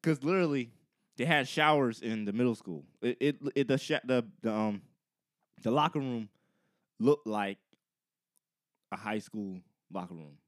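A young man co-hosting a casual comedic podcast chat, telling stories and acting out his classmates' taunts loudly. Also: medium pitch, unhurried, long pauses, dry recording, studio quality. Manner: animated storytelling, acts out classmates' taunts loudly. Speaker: podcast co-host.

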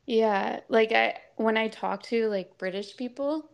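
A woman's voice: on the high side, unhurried, creaky. A woman hosting a podcast in casual chat, answering hesitantly and giggling between short replies. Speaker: podcast host.

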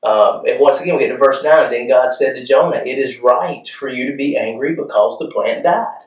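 A man's voice: mid-range voice, normal speed, distant mic. A man preaching a sermon in a conversational way, often asking the room whether they follow. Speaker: pastor. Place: church hall. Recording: echoey room, voice from off-mic.

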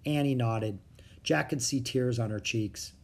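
A reader narrating a children's chapter book aloud in a calm, steady storytelling manner. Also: medium pitch, measured pace, creaky, husky.

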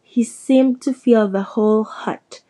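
A woman reading a storybook aloud as narrator, steady and measured. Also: fairly high pitch. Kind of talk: audiobook reading.

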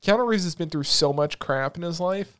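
A man's voice: fairly high pitch, fairly quick, fairly bright tone, clean tone, no room sound, clean studio sound. A man co-hosting a casual podcast chat, rambling and joking, swearing freely. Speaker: podcast co-host.

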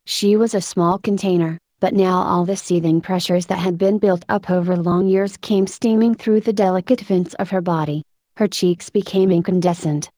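A woman narrating a story aloud in a measured, expressive audiobook style. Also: on the low side, dry recording.

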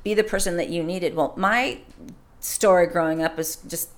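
A mother in her forties talking openly and warmly about raising her children, in a casual podcast conversation. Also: lowish voice. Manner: open, heartfelt storytelling, quick to laugh. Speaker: podcast guest. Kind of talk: casual chat.

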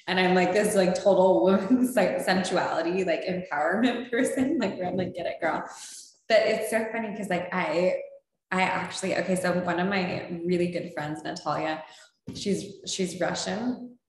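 This woman hosts a podcast, telling a story in a bubbly, casual way packed with fillers and frequent laughter. Her voice is lowish and a little mellow, at a moderate pace. The room she records in is very echoey.

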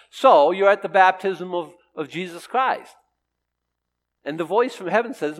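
An older man preaching a sermon, swinging between loud emphatic lines and quiet asides. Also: high-pitched, a little slow.

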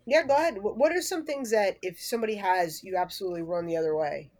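A woman's voice: medium pitch, fast, a little mellow, dry recording. A woman co-hosting a casual chat, frank and opinionated, who swears now and then.

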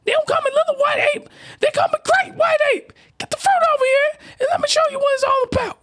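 A man putting on the voice of a brash young woman bounty hunter in a breathless, squealing falsetto. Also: fairly even intonation, fast talker, a bit bright, slight background noise. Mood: boastful.

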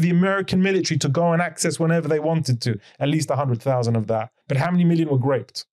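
A man's voice: on the high side, fast, few pauses. A man talking as a podcast guest, explaining history emphatically and firing off rhetorical questions. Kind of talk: conversational podcast lecture.

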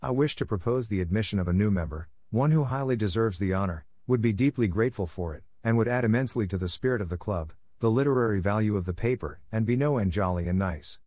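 A bold, tomboyish teenage girl, as a low-voiced man reads her pleads her case with earnest eagerness. The storybook reading is dry and close, with no room sound. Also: expressive, fast talker, few pauses, a little mellow, no echo. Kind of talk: audiobook character voice.

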